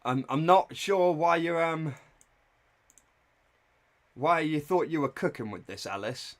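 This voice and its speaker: A man's voice: on the high side, slow pace. A young man streaming live reaction commentary in a loose, irreverent and blunt way.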